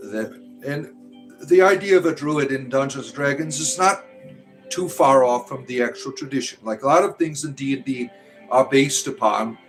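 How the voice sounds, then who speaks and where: A man's voice: mid-range voice, low-quality recording. A man casually chatting on a livestream, rambling and answering chat questions, often tagging lines with "right?".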